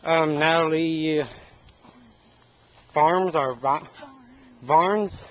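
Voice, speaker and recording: A man's voice: a little high, extremely slow, fairly bright tone. A young man filming at home outdoors, teasing his friends and chatting loosely on a call, saying "dude" a lot. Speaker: person filming a home video. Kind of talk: casual home-video chatter. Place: backyard with a trampoline, outdoors. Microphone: handheld camcorder mic. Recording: muffled camcorder audio with background noise.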